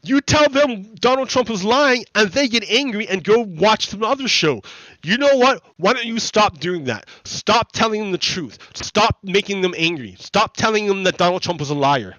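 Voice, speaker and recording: A man's voice: sits high, expressive, normal speed, bright, forceful tone, no room sound, rough recording. A man voicing alarmed male TV producers who urgently tell their staff to stop.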